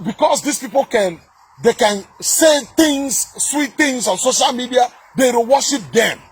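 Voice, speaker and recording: A man from southern Nigeria comments on a video in a very high-pitched, slightly rough voice. His Nigerian-accented political rant is heated and scornful, repeating itself with lots of fillers and restarts.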